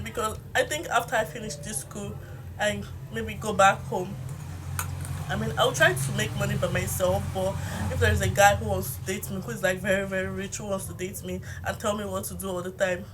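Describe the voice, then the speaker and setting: A woman in her twenties venting to her phone camera over a meal, rambling and confessional, sometimes slipping into a childlike way of talking. Her voice sits at an ordinary middle pitch, with a faint ambient hum behind her. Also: normal speed, fairly bright tone. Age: 20s. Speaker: vlogger. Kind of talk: casual venting monologue to camera while eating.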